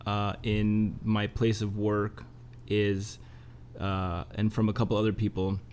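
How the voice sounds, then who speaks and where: A lower-pitched man co-hosts a casual podcast chat. He rambles and teases in a playful way, pushing one joke idea after another. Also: completely flat delivery, unhurried, darkish tone, slight background noise. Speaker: podcast co-host.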